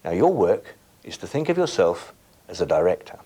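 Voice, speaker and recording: Husky-voiced man teaching with lively pitch. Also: normal speed. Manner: instructive, addresses viewers directly with tasks. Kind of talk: scripted educational presentation.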